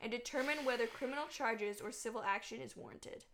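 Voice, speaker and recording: A woman's voice: on the high side, brisk, fairly bright tone, a little hiss or hum. A woman co-hosting a casual political chat podcast, sarcastic, swearing and laughing often. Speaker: podcast co-host.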